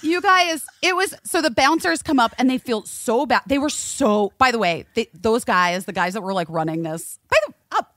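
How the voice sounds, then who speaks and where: Woman podcast host, animated storyteller, swears freely, lively pitch. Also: moderate pace, hardly any pauses, no room sound. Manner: animated, swears, many "like" fillers. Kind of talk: casual chat, storytelling.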